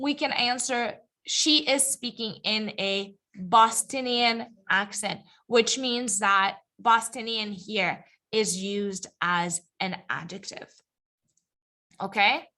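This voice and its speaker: A woman's voice: fairly high pitch, takes it slowly, pushed and bright. A woman teaching an English grammar lesson to a live class, patiently explaining and often stopping to ask the students whether they follow. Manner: checks understanding often, asking the class questions; patient, encouraging. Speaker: ESL teacher. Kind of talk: live classroom lecture, also streamed online.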